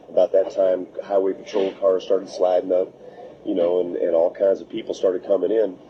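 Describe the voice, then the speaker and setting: A man telling a story in an animated way, acting out quotes with voices and sound effects. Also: low-pitched, moderate pace. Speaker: interviewee recounting a plane crash. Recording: muffled recording with steady background noise.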